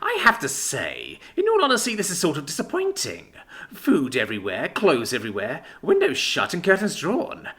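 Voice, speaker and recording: A man's voice: fairly high pitch, huge pitch swings, moderate pace, sharp tone, pitched above the performer's own voice, full character voice. A man voicing a blunt, aggressive young man in a narrated story, who swears freely and swings between menace and worry. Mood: sardonic.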